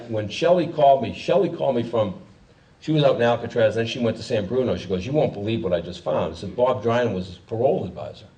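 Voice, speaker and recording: A man's voice: on the low side, dark tone, far from the mic, muffled recording. A man, a journalist telling stories in a rambling, wry, self-correcting way. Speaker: journalist guest speaker. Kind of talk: casual storytelling talk.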